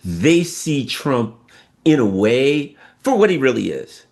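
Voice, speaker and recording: A man's voice: mid-range voice, slow, gravelly. A man from the United States, a political commentator talking casually and emphatically, acting out what others say. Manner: animated, emphatic, acts out quoted voices.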